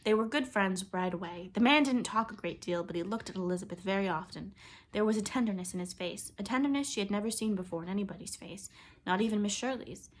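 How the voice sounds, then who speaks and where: A woman narrating a classic children's novel in an even, expressive storybook reading. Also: mid-range voice, quick pace, slight background noise. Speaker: audiobook reader.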